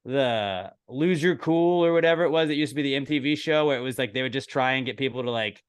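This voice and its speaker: A man's voice: medium pitch, fast, clear, resonant tone. A man co-hosting a podcast, telling a long story in casual chat, rambling with restarts and swearing as he acts out what others said. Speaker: podcast co-host.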